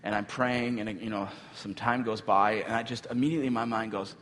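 A man's voice: on the low side, fairly even intonation, a little fast, fairly bright tone, a little hiss or hum. A male pastor giving a sermon in a casual, conversational way, with filler words and light laughs. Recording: long hall reverb.

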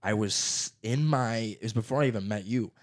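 In a relaxed chat, a young man with a lowish voice speaks at normal speed. His childhood stories are animated and heavy on swearing, and he slips into put-on voices.

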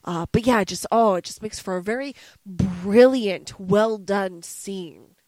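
A woman's voice: mid-range voice, takes it slowly, darkish tone, dry recording. A woman chatting casually about a movie with a co-host, rambling with fillers and asides.

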